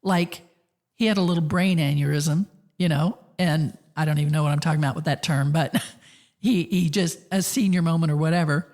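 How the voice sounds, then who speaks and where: Lady podcast host, lowish voice, chatty storyteller, laughs a lot. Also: fairly quick, a little mellow. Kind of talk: casual conversation.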